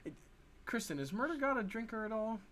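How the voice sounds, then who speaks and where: A woman's voice: a little high, sing-song, fairly quick, a bit bright. A woman hosting a live art stream, chatting casually, laughing, swearing and reading out viewer comments. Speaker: stream host.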